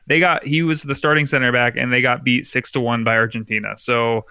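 A man co-hosting a podcast in relaxed casual chat, rambling with lots of fillers and frequent laughter. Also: medium pitch, a little fast, smooth, no echo. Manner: laid-back, rambling, laughs often, filler-heavy. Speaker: podcast co-host.

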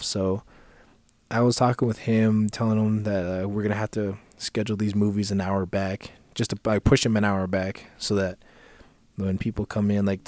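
A man's voice: lowish voice, mellow, no echo. A man co-hosting a podcast, telling a story in casual profane chat and acting out the people he quotes in a raised voice. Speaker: podcast co-host.

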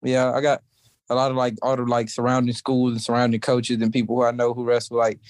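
Speaking fast in a monotone, darkish, medium-pitched voice with no room sound, a young adult man from South Georgia sits in as an interview guest. The college wrestler keeps it relaxed and casual, leaning heavily on "like."

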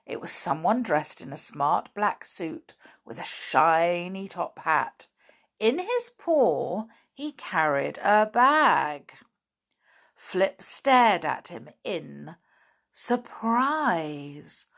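A woman reads a children's story aloud at an easy, slow pace. Her voice rises and falls with lively, expressive inflection. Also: on the low side, creaky.

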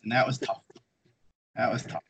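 A man's voice: medium pitch, flat delivery, normal speed, creaky, fairly bright tone, slight background noise, rough recording. A man hosting a casual podcast chat, joking around and leaning on lots of "like" fillers. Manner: filler-heavy, hesitant, joking. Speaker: podcast host.

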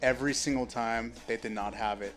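Animated male podcast co-host. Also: mid-range voice, a little fast, faint music behind. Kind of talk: casual chat.

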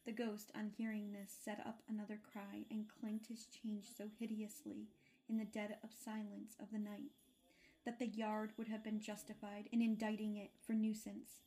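A woman giving a measured, even storybook narration. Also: medium pitch.

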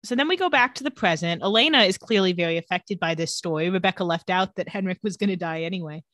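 A woman's voice: on the low side, fairly bright tone, dry recording. Woman recapping a show, dry sound. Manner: storytelling recap, quick mock voices for characters, laughs often. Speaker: podcast co-host recapping a TV episode. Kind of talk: casual chat.

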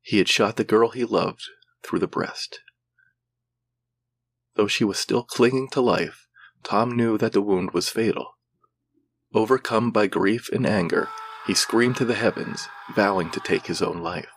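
A man narrating a regional ghost legend in a measured, somber storytelling style. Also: fairly low pitch, breathy edge.

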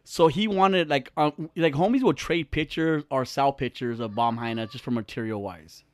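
A man's voice: medium pitch, normal speed, no room sound, studio quality. A young man telling stories in a casual chat, slangy and profane, laughing often.

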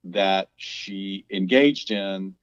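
Low-voiced man thinking aloud on a podcast. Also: extremely slow, low-quality recording. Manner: thinking aloud, with frequent restarts. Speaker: podcast co-host. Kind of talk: casual discussion.

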